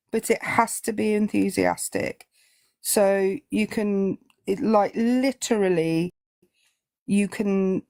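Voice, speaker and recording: Woman, slow, firm, explanatory, dry recording. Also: medium pitch, a little mellow, dry recording. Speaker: panelist who teaches consent. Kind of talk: casual live-stream chat.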